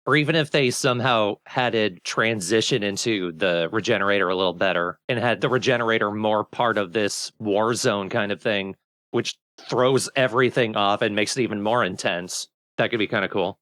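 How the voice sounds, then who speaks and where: Low-voiced relaxed man co-commentating. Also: moderate pace, no echo. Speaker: let's play co-host. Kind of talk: casual gameplay commentary.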